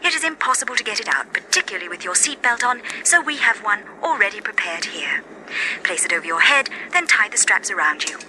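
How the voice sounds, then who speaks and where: A woman's voice: mid-range voice, sing-song, brisk. A woman playing a chief stewardess in a comedy sketch, giving a mock safety announcement in a prim, formal manner. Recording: noisy old album recording with audience laughter.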